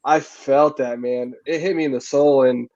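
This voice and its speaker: A man's voice: mid-range voice, fairly even intonation, normal speed, a little mellow, no room sound. A man co-hosting a movie review podcast, talking earnestly and reflectively in casual chat. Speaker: podcast co-host. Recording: dull lo-fi sound.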